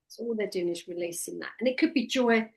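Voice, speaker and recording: A woman coaching a trainee one-to-one. Her voice sits at a middle pitch, and she talks direct and practical, dropping into a softer, soothing tone when she quotes what she tells clients. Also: fast talker, creaky, slightly rough. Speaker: hypnotherapy trainer. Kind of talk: casual one-to-one teaching.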